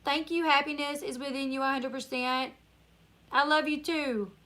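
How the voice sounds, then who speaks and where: A woman's voice: high-pitched, fairly even intonation, moderate pace, sharp tone. A tired woman from Northern Louisiana with a country accent, hosting a casual live-stream Q&A, chatting and reading viewer comments aloud. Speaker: YouTuber live-stream host.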